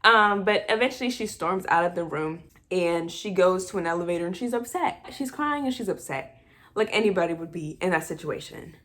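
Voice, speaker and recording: A woman casually retelling a film plot with animated, exasperated asides. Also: on the low side, fairly quick. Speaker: movie recap vlogger. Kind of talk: casual movie recap.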